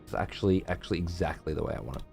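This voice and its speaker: Low-voiced man streaming a game. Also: animated, rapid-fire, creaky, a little mellow, soft background music. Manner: chatty, swears freely, laughs, mutters to himself. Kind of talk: casual gameplay commentary.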